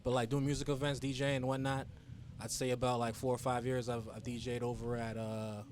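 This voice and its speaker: A man's voice: mid-range voice, little pitch movement, fairly quick, darkish tone, slight background noise. A man who is a guest on a casual podcast, talking about organizing music events, rambling with restarts.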